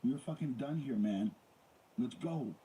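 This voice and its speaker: A man's voice: mid-range voice, a little slow, dark tone, slight background noise, voice pushed up, natural voice, rough recording. A man voicing a nervous friend who urgently pleads to leave.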